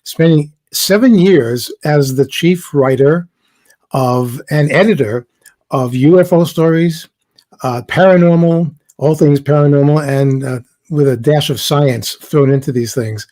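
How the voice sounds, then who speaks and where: An older man from New York speaks as a guest in a casual interview. He has a dry, wisecracking humor, and his voice sits slightly high. He sounds like a longtime broadcaster at ease with the mic. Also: measured pace, warm tone.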